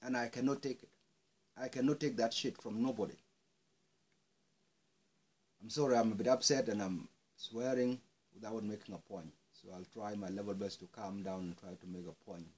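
A man's voice: lowish voice, fairly even intonation, moderate pace, pauses often, a little mellow, husky. A man from South Sudan delivering an angry, impassioned monologue, swearing and rising into outbursts. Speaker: speaker airing grievances.

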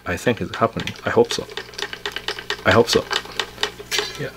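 A man's voice: fairly low pitch, moderate pace, background noise. A man teaching guitar tricks in a casual, unedited way, chatty and full of fillers and restarts.

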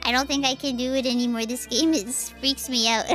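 A woman streaming games live, talking excitably with frequent giggles and dramatic outbursts. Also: sits high, a little fast, music in the background. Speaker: game streamer. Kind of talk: live gameplay commentary.

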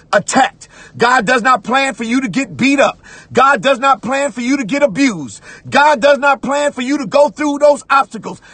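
A man preaching a sermon as pastor, repeating phrases and breaking into shouts while reading scripture. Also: very high-pitched, husky, no room sound. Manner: preaching with repetitions, rising to shouts; conversational church talk, "watch this".

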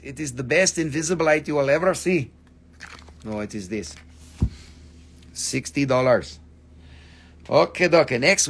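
A man's voice: medium pitch, a bit bright, slightly rough. A man hosting a casual live stream where he sells rocks and crystals, joking, rambling, and swearing freely. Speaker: crystal shop host.

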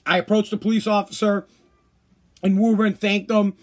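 A man rants on his podcast. His voice sits very high for a man, and he talks bluntly and profanely. The delivery is loose and casual. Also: level tone, normal speed. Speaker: podcast host. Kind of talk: casual ranting podcast monologue.

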